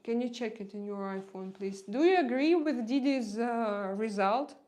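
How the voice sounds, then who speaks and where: A woman's voice: a little high, expressive, moderate pace, a little mellow. A woman with a Russian accent hosting a casual livestream, chatting hesitantly with viewers and searching for words with many fillers. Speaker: livestream host.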